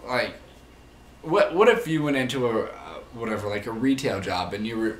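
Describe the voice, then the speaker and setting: A man's voice: mid-range voice, fairly quick, roomy sound. A young man ranting casually to the camera about rude people, heated and profane, rambling as he goes. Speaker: vlogger; manager.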